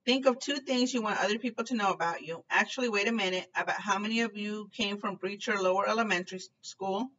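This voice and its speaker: A woman's voice: mid-range voice, fast talker, hardly any pauses, a bit bright, recorded from a distance, highs cut off, close to an everyday voice. A woman voicing a cheerful middle-aged female homeroom teacher, speaking in an upbeat, encouraging way.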